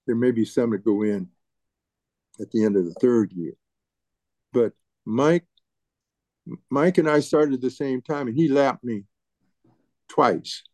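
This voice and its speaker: An older man reminiscing as an interviewee, halting and often restarting and repeating his words. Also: medium pitch, darkish tone, no echo. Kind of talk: reminiscing storytelling.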